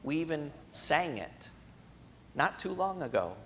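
Dynamic preaching man, fairly high voice. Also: sing-song, a little slow, creaky, big-room sound, a little hiss or hum. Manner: dynamic preaching, swinging from loud emphatic cries to quiet hushed lines; acts out imagined quotes in conversational voices. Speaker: pastor. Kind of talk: sermon.

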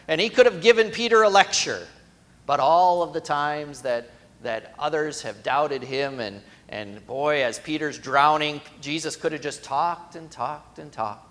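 A man preaching a sermon in a fairly high voice. He moves from loud, emphatic cries to quiet, hushed passages. He slips into chatty made-up quotes along the way. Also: moderate pace, in a large hall. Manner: acts out imagined quotes in conversational voices. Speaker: pastor.

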